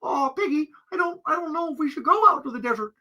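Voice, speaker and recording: A man's voice: very high-pitched, expressive, fast talker, sharp tone, pitched above the performer's own voice, heavily acted. A man voicing a fretful frog puppet, nasal and hesitant.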